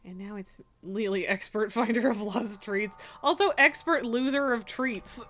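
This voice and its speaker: A woman live-streaming a game, cooing baby talk to her cat and chatting warmly with viewers. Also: a little high, unhurried, slight background noise. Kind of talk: casual live-stream chat. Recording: faint music behind.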